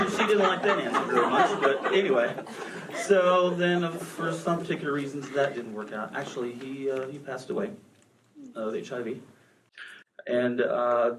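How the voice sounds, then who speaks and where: A man from Texas, speaking as a panelist, telling a frank personal story with self-deprecating jokes. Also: mid-range voice. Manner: candid, joking, self-deprecating. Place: movie theater. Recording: distant room mic with faint noise.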